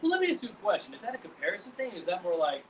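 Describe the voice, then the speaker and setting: A man hosting a candid podcast conversation, animated and asking probing follow-up questions. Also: high voice, very fast. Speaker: host. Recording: distant mic with background noise.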